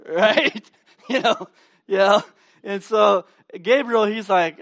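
A man's voice: sits high, takes it slowly, long pauses, fairly bright tone. A male pastor preaching a sermon to a congregation in a church, playful and acting out the voices of the characters as he goes.

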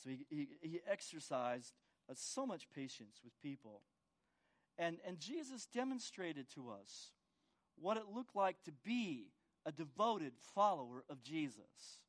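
A man's voice: on the high side, sing-song, a little slow, fairly bright tone. A man preaching a sermon as pastor, often asking the congregation for agreement and repeating words as he restarts. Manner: asks the congregation for agreement with tag questions.

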